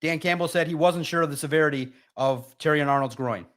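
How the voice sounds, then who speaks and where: High-voiced, fired-up sports podcast man. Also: fairly quick, a bit bright. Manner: emotional, blunt, fired-up. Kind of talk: live-stream sports rant reading viewer comments.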